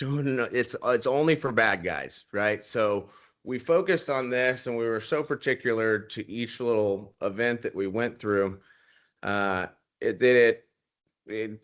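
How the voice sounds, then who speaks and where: A man's voice: lowish voice, a bit bright. A man, a military veteran, candidly telling a personal story with wry humor about grim events. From United States.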